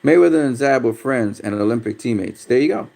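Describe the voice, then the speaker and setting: Profane gravelly-voiced man ranting. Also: mid-range voice, animated, a little fast, dark tone. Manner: profane, blunt and easily frustrated. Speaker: livestream host. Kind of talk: casual livestream chat about boxing, reading viewer comments.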